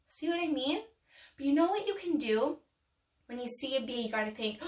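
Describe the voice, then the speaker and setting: A woman teacher giving a playful, animated lesson to young children, with dramatic pauses. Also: high-pitched. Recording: echoey room, mic far off.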